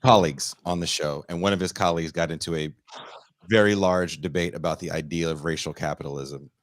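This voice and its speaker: A very deep-voiced man co-hosts with blunt, teasing remarks. He stalls and hesitates when hunting for a word. His voice comes through dry and close. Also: steady tone, brisk, no room sound. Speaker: podcast co-host. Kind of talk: casual political discussion.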